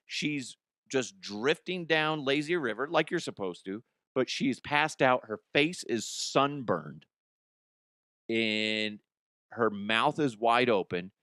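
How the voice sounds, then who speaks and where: A man's voice: mid-range voice, fairly bright tone, no room sound, clean studio sound. Middle-aged man telling crude rambling stories. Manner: rambling, profane, acts out quoted people. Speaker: comedy podcast host. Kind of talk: crude comic storytelling.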